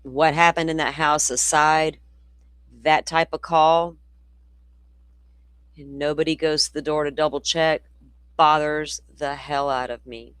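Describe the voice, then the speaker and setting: A woman's voice: low-pitched, level tone, a little slow, long pauses, fairly bright tone, clean tone, dry recording. A woman hosting a true crime show, reading news reports aloud and breaking off into opinionated, conversational asides to her viewers. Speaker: true crime podcast host.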